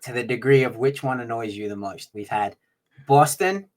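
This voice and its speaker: A man co-hosting a podcast, chatting casually in a halting way, pausing and restarting as he thinks. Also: medium pitch. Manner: halting, full of fillers and restarts. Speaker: podcast co-host.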